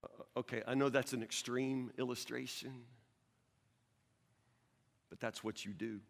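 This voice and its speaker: A man preaching a sermon as pastor, earnest, with stammering restarts, swinging from loud to hushed. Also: medium pitch, steady tone, measured pace, gravelly, long reverb tail.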